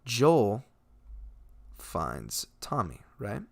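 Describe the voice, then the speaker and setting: A young man with a fairly low voice hosts a casual podcast chat. He rambles through his retelling, leaning on fillers and slipping into quoted lines as he goes. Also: huge pitch swings, very slow, gravelly. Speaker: podcast host.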